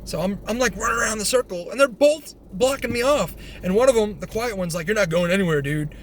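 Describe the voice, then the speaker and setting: Animated young man telling a story. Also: high voice, a little fast. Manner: rambling, animated, swears freely, with restarts. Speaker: vlogger. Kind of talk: casual storytelling. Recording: faint background noise.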